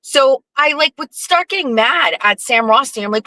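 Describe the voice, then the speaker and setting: A woman hosting her own show, telling a profane, animated story with sarcastic asides in a casual live-stream monologue. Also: a little high, moderate pace, hardly any pauses, dry recording, low-quality recording. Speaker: show host.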